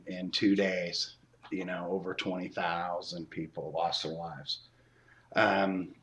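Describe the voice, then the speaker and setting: Low-voiced man telling a ghost story. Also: a bit bright. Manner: halting, many filler words, storytelling. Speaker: podcast co-host. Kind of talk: casual podcast chat.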